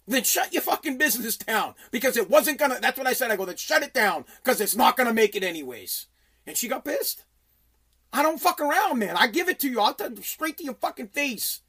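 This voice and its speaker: Brash business owner, 30s, aggressive swearing motivational rant. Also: male voice, very high-pitched, lively intonation, fairly quick, fairly bright tone, breathy edge. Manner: profane, aggressive, emphatic. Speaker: business owner and radio host.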